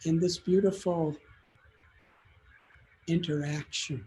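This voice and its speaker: A man's voice: on the high side, steady tone, takes it slowly, dark tone, a little hiss or hum, rough recording. A man telling a devotional story as a sermon, in an earnest and heartfelt way. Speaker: spiritual teacher giving a talk.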